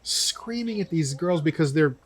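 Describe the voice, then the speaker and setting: A young man, co-host of a show, casually telling a story and acting out the people in it with lively quotes. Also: on the high side, moderate pace, breathy edge. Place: winery.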